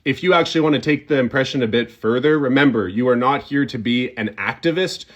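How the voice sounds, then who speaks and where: A man's voice: medium pitch, fast talker, highs cut off. A young adult man giving a comic tutorial on doing an impression, instructional and breaking off to demonstrate.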